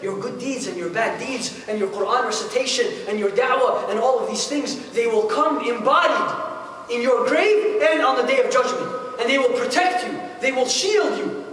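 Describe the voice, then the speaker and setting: Animated man preaching in an echoey hall. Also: very high voice, distant mic, slight background noise. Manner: animated, acts out characters with casual slang. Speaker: imam. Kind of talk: storytelling sermon. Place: mosque hall.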